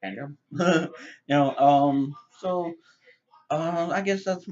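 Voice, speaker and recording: A man's voice: a little high, slow pace, a little mellow, highs cut off. A man giving a casual, rambling review, with lots of fillers and repeated words. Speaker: TV show reviewer.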